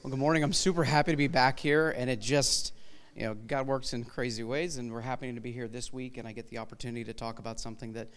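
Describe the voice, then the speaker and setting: A man's voice: mid-range voice, steady tone, fast, a bit bright. A man giving a conversational talk to a church congregation, with frequent fillers. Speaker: guest church speaker.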